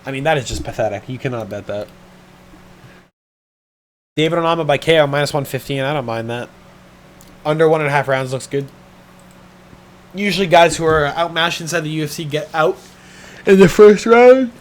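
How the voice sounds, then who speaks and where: A man's voice: a little high, moderate pace, pauses often, slight background noise. Blunt, sleepy man ranting about bets. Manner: blunt, profane, exasperated ranting. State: tired and yawning from strep throat. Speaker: sports betting commentator. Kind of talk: casual betting talk.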